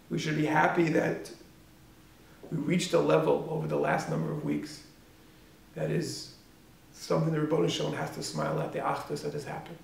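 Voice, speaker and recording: Rabbi's sermon, male, higher-pitched and gravelly, animated, rhetorical; echoey room, away from mic. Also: far from the mic. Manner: animated, rhetorical questions, swings from loud to hushed. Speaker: rabbi teaching at a yeshiva.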